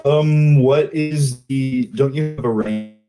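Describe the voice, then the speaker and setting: A man running a tabletop game as game master, calmly describing scenes and directing players. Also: mid-range voice, slow, faint music behind, low-quality recording.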